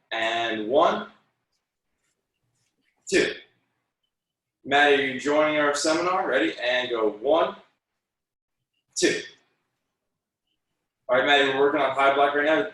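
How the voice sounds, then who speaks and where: A taekwondo instructor teaches an online class over a video call, counting out moves and encouragingly correcting students by name. His mid-range voice is a bit bright, and he stands far from the mic in a very echoey room.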